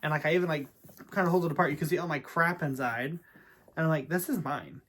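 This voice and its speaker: A man's voice: fairly high pitch, steady tone, quick pace, fairly bright tone, slight background noise. A man vlogging in a casual storytelling style, chatty and sassy with dramatic asides. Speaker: vlogger and real estate agent.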